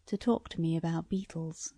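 A woman voicing a shrewd, eager older lord who questions a visitor in a courteous, soft-spoken way. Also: deep voice, fairly even intonation, moderate pace, no echo, pitched below the performer's own voice. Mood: probing.

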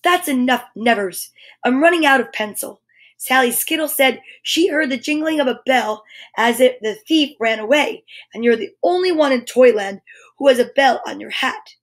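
Officious storybook toy policeman read by a woman, stern, light husky voice. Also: sits high, expressive, normal speed. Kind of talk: children's storybook read-aloud.

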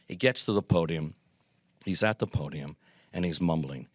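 A middle-aged man with a low, deep voice spins anecdotes as an interview guest. He acts out the quotes with lively energy. The sound is dry and close. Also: brisk, dry recording. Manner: animated anecdotes with acted quotes. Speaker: guest, Groucho performer. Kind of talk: storytelling interview.

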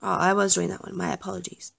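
A woman's voice: fairly low pitch, level tone, fast, gravelly, fairly bright tone. A young woman chatting casually over gameplay, often apologizing and joking about herself. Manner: self-deprecating, apologetic, chatty. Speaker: gaming YouTuber.

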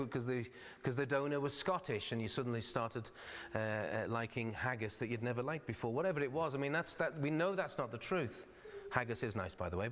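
A man's voice: mid-range voice, a bit bright. Man, pastor, sermon, conversational explanatory delivery, old-fashioned scripture readings, church sanctuary with long reverb.

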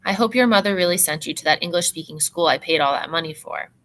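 A woman's voice: lowish voice, quick pace, fairly bright tone, slight background noise, natural voice. A woman reading aloud as a strict older aunt, talking in a commanding, scolding way. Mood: stern.

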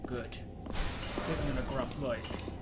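A man's voice: medium pitch, steady tone, takes it slowly. A man doing casual let's play commentary, answering the game's characters sarcastically. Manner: sarcastic, talks back to game characters. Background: loud game music.

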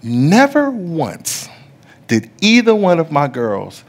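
A middle-aged man preaching a sermon as pastor, telling stories that act out other people's voices and building to loud preaching. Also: fairly high pitch, huge pitch swings, takes it slowly. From USA. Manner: storytelling, rising to loud preaching; acts out the voices in his stories.

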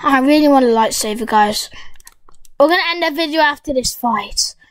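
A school-age girl giving excitable, rambling gameplay commentary as a gaming YouTuber, talking straight to her viewers. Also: high voice, moderate pace, no echo, poor audio.

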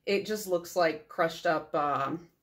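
A woman's voice: fairly low pitch, slow pace. A young adult woman vlogging about her nail polish collection in a casual, rambling chat full of fillers and sentimental asides. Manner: chatty and rambling, many fillers; warm, sentimental storytelling.

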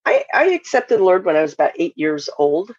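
A woman from Hawaii joins a podcast from home and tells her story, pausing often with fillers. Her voice is dry and a bit muffled, as on a remote call. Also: on the low side, sing-song, darkish tone, slightly rough, no echo. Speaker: podcast guest. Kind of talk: casual interview, telling her story.

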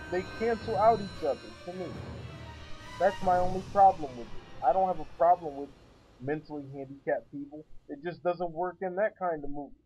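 A man's voice: high-pitched, warm tone, poor audio. A man giving a chatty, rambling movie review with a sarcastic edge, sitting back from his microphone. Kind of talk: casual spoken movie review.

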